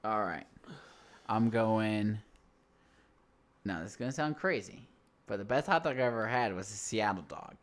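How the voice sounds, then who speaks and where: A man's voice: on the low side, animated, normal speed, long pauses. Easygoing man co-hosting a podcast. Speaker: podcast co-host. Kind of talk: casual chat reviewing a TV episode.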